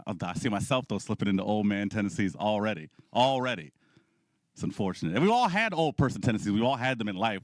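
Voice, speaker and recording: A man doing stand-up on a club stage, his pitch leaping about as he tells stories and checks in with the crowd. The sound is close and dry, with no room echo. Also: fast talker. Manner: animated storytelling with audience asides. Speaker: comedy showcase host. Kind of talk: stand-up comedy.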